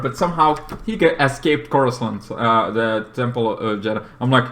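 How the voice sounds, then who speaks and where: A man rambles through an episode recap, leaning on fillers and restarts. His voice is bright and forward, and he jumps into shrill, shouted character bits before dropping back to a low mumble. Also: moderate pace, hardly any pauses. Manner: rambling, filler-heavy retelling, bursts into loud high-pitched character voices. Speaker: TV show reviewer. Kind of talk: casual episode recap with acted-out lines.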